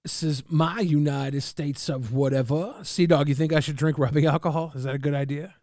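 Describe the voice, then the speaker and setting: A man streaming casually, reading and answering chat in a loud, profane, combative rant. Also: a little high, fairly even intonation, fairly quick, dry recording, clean studio sound.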